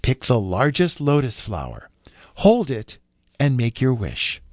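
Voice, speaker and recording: A man's voice: mid-range voice, huge pitch swings, measured pace, dry recording, clean studio sound. A man voicing a small, kind brown jay bird in a storybook, speaking in an eager, friendly way.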